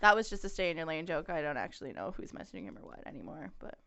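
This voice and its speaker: A woman co-hosting a podcast in casual chat, upbeat and quick to swear and laugh. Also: low voice, very animated, gravelly, bright, forceful tone, muffled recording. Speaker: podcast co-host.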